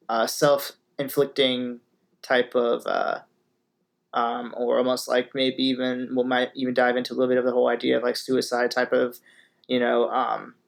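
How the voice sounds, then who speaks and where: A man's voice: mid-range voice, gravelly. A young man talking casually as host of a music reaction video, rambling with lots of fillers. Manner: rambling, filler-heavy, upbeat.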